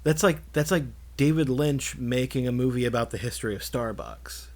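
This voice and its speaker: A man co-hosting a casual podcast, telling a story with animated delivery. He acts out the people in the anecdote, shifting his voice for each quote. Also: mid-range voice, moderate pace. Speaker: podcast co-host.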